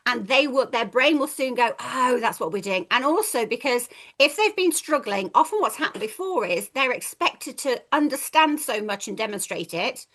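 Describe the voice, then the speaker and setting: A woman's voice: fairly high pitch, a bit bright. A woman, a reading teacher, giving a chatty, playful training talk and acting out children's voices. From England.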